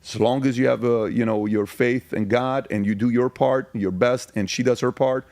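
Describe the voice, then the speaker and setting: A man's voice: mid-range voice, fairly even intonation, moderate pace, darkish tone, no room sound. A man in his forties from Iran, a podcast guest telling his story in an emphatic, casual way and firing off rhetorical questions.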